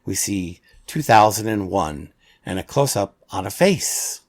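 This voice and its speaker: A man with a fairly low voice co-hosts a casual podcast, describing comic panels one by one. He talks at an unhurried, deliberate pace and laughs lightly between descriptions. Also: lively intonation. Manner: describes panels in detail, chuckles often. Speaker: podcast co-host. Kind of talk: casual comic book discussion.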